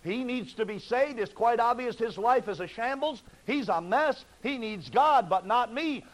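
A man's voice: very high-pitched, animated, normal speed, hardly any pauses, low-quality recording. A man preaching a fervent sermon from the pulpit, pleading with his listeners through repeated rhetorical questions.

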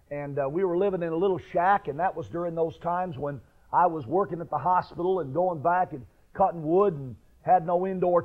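High-voiced preacher man on tinny radio. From northern New York. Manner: homespun, anecdotal, builds to raised emphasis. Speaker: pastor. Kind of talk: sermon with folksy storytelling. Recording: tinny phone-like radio recording.

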